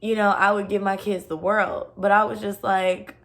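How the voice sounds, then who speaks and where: A woman's voice: medium pitch, level tone, moderate pace. A young woman at home, telling a personal story in a rambling, earnest way full of "like". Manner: rambling, earnest, heavy use of "like". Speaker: vlogger. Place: her own home.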